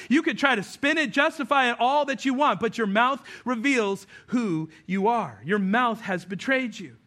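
A man's voice: very high voice, normal speed, few pauses, sharp tone. A man preaching a sermon as a pastor, earnest and conversational, with self-deprecating asides.

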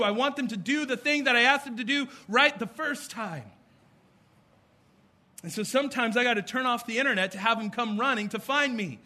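A man in his thirties or forties preaching a sermon, telling stories and acting out voices. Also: extremely high pitch. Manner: animated storytelling, acts out voices. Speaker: pastor.

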